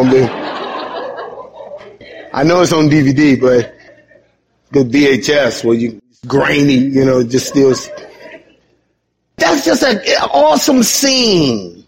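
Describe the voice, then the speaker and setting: A man preaching a sermon in an animated, conversational way, with sudden high emphatic bursts and quick chuckles. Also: slight background noise. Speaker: pastor.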